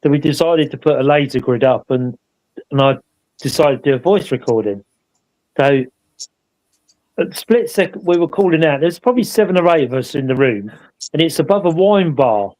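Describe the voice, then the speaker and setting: Co-hosting a live show, this paranormal investigator recounts an investigation in a loose, rambling way, frequently adding tag questions so listeners will agree. He sounds animated, with a high-leaning, darkish voice at a moderate pace, captured in a low-quality recording.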